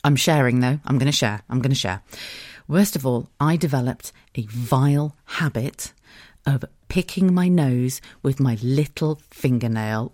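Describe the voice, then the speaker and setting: A woman's voice: very deep voice, normal speed, darkish tone, no echo, clean studio sound. A woman hosting a podcast in casual solo chat, candid and laughing often, swearing freely. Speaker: podcast host.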